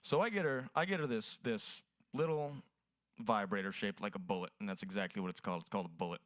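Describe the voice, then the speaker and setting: A man's voice: fairly low pitch, fast talker, no echo. A young man performing a crude stand-up set at an open mic, telling profane stories. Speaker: stand-up comedian.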